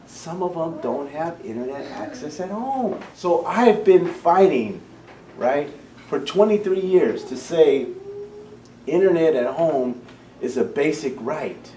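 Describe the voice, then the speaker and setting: A man's voice: a little high, dark tone. Man, passionate community talk to parents, roomy echo, distant mic, faint hum. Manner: passionate, repeats and restarts phrases. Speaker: community program founder speaking to parents. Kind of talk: impassioned public talk. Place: school meeting room.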